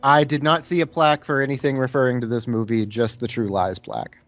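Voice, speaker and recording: A man's voice: medium pitch, fairly quick, a bit bright, faint music behind. A young man co-hosting a podcast, telling a movie's story in a laid-back way with crude jokes. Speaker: podcast co-host. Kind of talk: casual movie-riffing chat.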